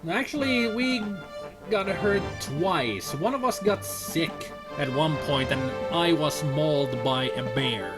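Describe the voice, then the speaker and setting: A man's voice: a little high, expressive, takes it slowly, few pauses. A man casually commenting while streaming a game, joking and reading game text aloud. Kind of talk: casual let's-play commentary. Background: game music.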